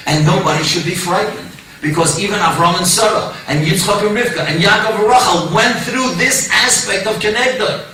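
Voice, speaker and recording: A male rabbi giving a lecture to a congregation, telling stories with lively, acted-out voices. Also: on the high side, a little hiss or hum. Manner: animated storytelling, acts out quoted voices. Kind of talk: lecture to a synagogue audience. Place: synagogue hall. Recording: echoey hall, mic at a distance.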